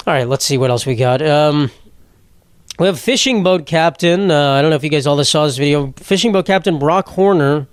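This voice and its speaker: Rambling, sarcastic young comedian, dry close sound. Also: male voice, on the high side, a little fast, clean tone, dry recording. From New York. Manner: rambling, sarcastic, swears freely, laughs at own jokes. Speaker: podcast host, comedian. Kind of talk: solo comedic podcast monologue.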